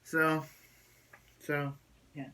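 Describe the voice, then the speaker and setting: A man's voice: fairly high pitch, completely flat delivery, drawn-out words, bright, forceful tone, rough recording. A man giving a casual, rambling spoken recap of a TV episode as a video reviewer, often repeating and restarting his phrases.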